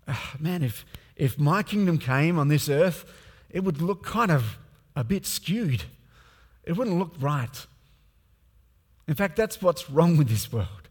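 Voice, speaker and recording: A man's voice: a little high, lively intonation, slow pace, long pauses, a little mellow, husky. Conversational male pastor in a reverberant hall. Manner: conversational, many fillers and restarts, prays aloud in examples. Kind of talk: sermon.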